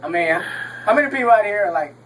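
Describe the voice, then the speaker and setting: A man's voice: sits high, lively intonation, fast, a bit bright, distant mic, a little hiss or hum, poor audio. Young man rambling through a stand-up set. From Texas. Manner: rambling, laughs at his own jokes, many ums. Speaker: stand-up comedian. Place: comedy club stage with audience.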